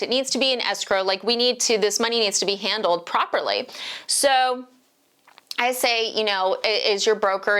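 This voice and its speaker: A middle-aged woman, a mortgage loan officer, telling a true story to camera in an animated, exasperated way. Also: a little high. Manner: animated, exasperated, talks straight to viewers.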